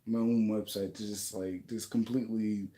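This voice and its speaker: A man's voice: fairly low pitch, little pitch movement, normal speed, warm tone. A man venting to camera in a casual vlog, angry and profane, stumbling over restarts as he talks indoors in a rented home. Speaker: YouTuber.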